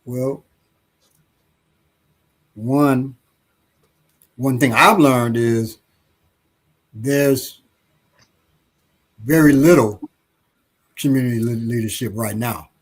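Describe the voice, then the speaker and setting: Slow, husky-voiced man being interviewed. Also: medium pitch. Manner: slow, thoughtful, repeats words while thinking; acts out quoted voices in playful anecdotes. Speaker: author and interview guest. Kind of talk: conversational interview answers.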